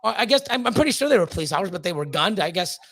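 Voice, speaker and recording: A man in his fifties tells a long, rambling story full of swearing. His voice sits high and has a gravelly edge, and he gets animated when he quotes other people. The sound is dry and close. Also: rapid-fire, dry recording. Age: 50s. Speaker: guest. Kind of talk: casual storytelling on a live stream.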